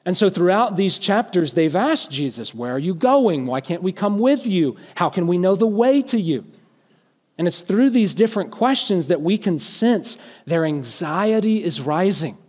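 High-voiced male pastor preaching. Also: normal speed. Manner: earnest preaching, rising to lively emphasis. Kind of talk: sermon. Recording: long hall reverb.

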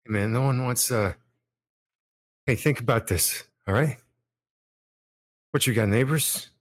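A man's voice: medium pitch, a little slow. A man playing a tabletop role-playing game, talking casually and in character. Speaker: player.

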